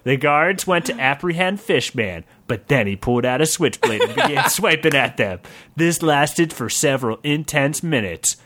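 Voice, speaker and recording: Young guy running a silly tabletop game, bright voice, pitch all over the place. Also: animated, normal speed. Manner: laughs through his own narration. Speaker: game master. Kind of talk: comedic improvised narration.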